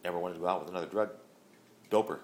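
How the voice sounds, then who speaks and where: Low-voiced middle-aged man, rambling storyteller. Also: racing, slight background noise. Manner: rambling, plain-spoken, many fillers. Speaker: father telling his life story. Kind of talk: casual storytelling.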